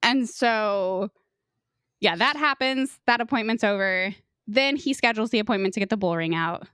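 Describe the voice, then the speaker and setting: A woman's voice: mid-range voice, normal speed, a bit bright, clean tone, no echo, studio quality. A young adult woman co-hosting a podcast, retelling a book's plot in a chatty way full of "like" and quoted asides. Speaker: podcast co-host. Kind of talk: casual book discussion.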